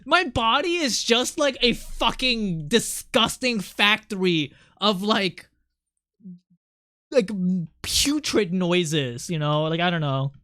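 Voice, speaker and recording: A streamer talks casually while drawing, rambling, cutting in on themself and swearing freely. The voice is bright and clear, and it sits close to a desk mic in a dry space. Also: medium pitch, lively intonation, slow, no echo. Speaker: streamer and artist.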